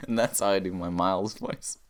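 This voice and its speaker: A man's voice: low-pitched, fairly quick, smooth. A man hosting a comedy show, delivering a rambling, profane rant and often laughing at his own tangents. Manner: animated, profane, laughing at himself. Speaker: comedy podcast host.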